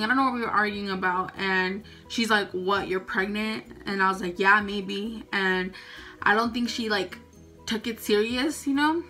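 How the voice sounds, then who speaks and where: A young woman telling a personal story in a casual vlog, halting and full of fillers. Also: mid-range voice, bright, forceful tone. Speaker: vlogger. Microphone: phone.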